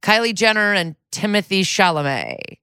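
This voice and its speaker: A middle-aged woman co-hosting a podcast, telling an animated story in casual chat and acting out the quotes. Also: medium pitch, moderate pace, smooth, dry recording, clean studio sound. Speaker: podcast co-host.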